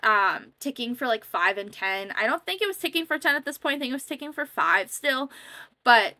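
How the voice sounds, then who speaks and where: A woman's voice: on the high side, lively intonation, brisk, sharp tone, no room sound. Chatty young woman gamer rambling. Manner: rambling, chatty, self-deprecating, many fillers. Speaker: gaming YouTuber. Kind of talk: casual commentary over gameplay.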